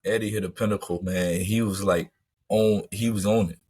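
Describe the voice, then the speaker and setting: A lower-pitched man talks loosely about his comedy career. He drifts along, padding his lines with "man" and "you know." The recording is close and dry. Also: fairly even intonation, moderate pace, darkish tone, breathy edge, no echo. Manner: laid-back, rambling, fillers like "man" and "you know". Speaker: comedian guest. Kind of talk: casual interview chat.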